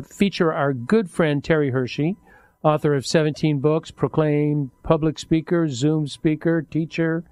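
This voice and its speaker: An older man hosting a radio talk show, speaking in a halting, reflective way and often correcting himself mid-sentence. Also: on the high side, a little mellow, smooth, dry recording. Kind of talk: casual interview chat.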